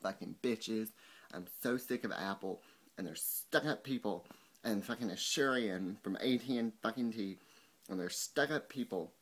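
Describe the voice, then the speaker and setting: Young male vlogger, lowish voice, angry profane rant to camera. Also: a little hiss or hum. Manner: profane, fast ranting with mocking quotes.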